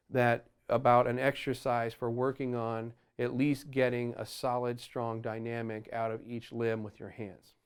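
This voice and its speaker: Smooth-voiced man teaching drums. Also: medium pitch. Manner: explains while playing, counts beats aloud loudly over drums; scats horn phrases to show accents. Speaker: drum teacher. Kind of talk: instructional lesson. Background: drum kit playing.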